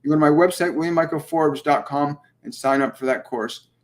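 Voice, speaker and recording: A male medium leads a livestream channeling session in a slightly high voice. He talks gently and soothingly, says phrases twice and fills pauses with ums. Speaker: spiritual medium hosting a live Q&A.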